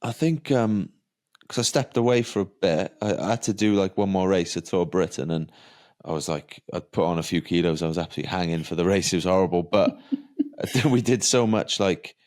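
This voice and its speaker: A Welsh man in his thirties, a professional cyclist, chatting relaxed and matter-of-fact during an interview on a massage table, sprinkling in "like" and "you know". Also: low-pitched, fairly quick. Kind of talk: reflective interview chat.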